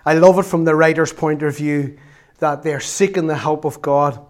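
A man giving a conversational, self-deprecating sermon in a church, slowing down and getting louder when he reads scripture. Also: fairly high pitch, steady tone. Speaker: preacher.

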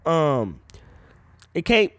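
Guy ranting casual and cussy, pitch jumping all over, bit high, dry close sound. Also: very slow, no echo. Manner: profane, animated, with sudden loud high outbursts. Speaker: solo commentator. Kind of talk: casual rant about music gossip.

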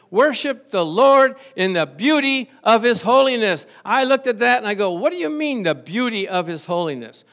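Male pastor, middle-aged, high voice, lively storytelling sermon to the congregation. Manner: storytelling, animated, jokes with congregation. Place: church before a congregation.

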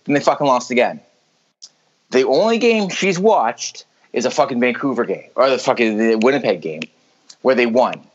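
A man co-hosting a casual sports chat, telling quick animated stories and swearing freely. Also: medium pitch. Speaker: podcast co-host. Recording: dull lo-fi audio.

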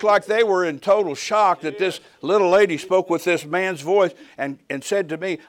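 An older man preaching a sermon, telling personal stories in an animated way and acting out the dialogue. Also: high voice, normal speed, few pauses. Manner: animated storytelling, acts out dialogue, swells to shouting at climaxes.

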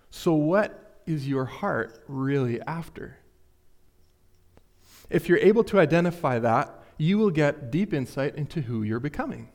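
A man's voice: a little high, a little mellow. A man preaching a sermon, earnest and questioning, speaking straight to his listeners. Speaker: pastor.

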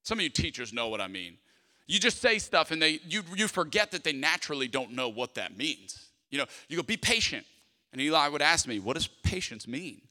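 Bright-voiced pastor in a reverberant hall. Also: male voice, a little high, fairly quick. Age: 30s. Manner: animated storyteller, acts out dialogue, playful asides to the congregation. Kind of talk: sermon with storytelling. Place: church sanctuary.

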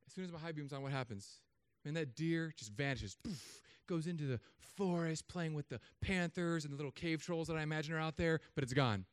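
A man in his thirties from Southern California, a pastor giving a humorous sermon with animated storytelling and put-on voices. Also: on the high side, a little fast, clean tone, no echo.

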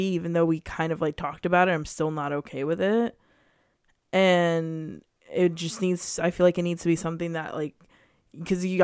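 A woman's voice: lowish voice, clean tone, dry recording, studio quality. A young woman talking openly and emotionally with her boyfriend in a casual conversation. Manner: emotional, earnest, quick bursts of emphasis. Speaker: girlfriend in couple conversation. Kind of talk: casual couple chat.

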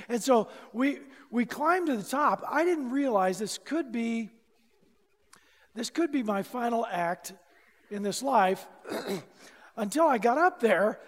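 A man preaching a sermon, telling a lively personal story and acting out the dialogue, sometimes shouting at the dramatic moments. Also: very high voice, big-room sound. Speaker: pastor.

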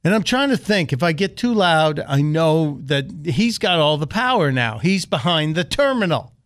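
A middle-aged American man hosts a radio talk show, delivering a storytelling monologue in an animated way and performing the voices of the people he quotes. His voice is fairly high and moderately paced, captured in clean studio sound with no room sound.

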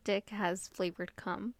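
A woman co-hosting a podcast, chiming in with quick jokes and questions in casual chat about books. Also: mid-range voice, steady tone, no room sound. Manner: quick joking interjections, apologetic. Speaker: podcast co-host.

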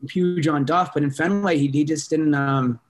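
A man's voice: fairly high pitch, steady tone, normal speed. A man guesting on a fan podcast, talking loosely with lots of fillers and casual swearing. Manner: filler-heavy, swears casually, laughs often.

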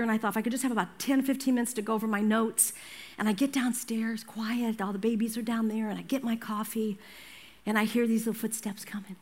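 An older woman pastor preaching a sermon in a lively, conversational way, breaking into personal stories and asides. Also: a little high.

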